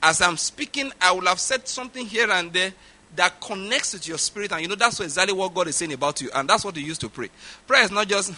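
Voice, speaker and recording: A middle-aged Nigerian-accented man preaching with a raised, ringing voice. His tone is sharp and bright, and he drives his points home by repeating them. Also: high voice, animated, fast talker. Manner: emphatic, repeats points for stress. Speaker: pastor. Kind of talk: sermon.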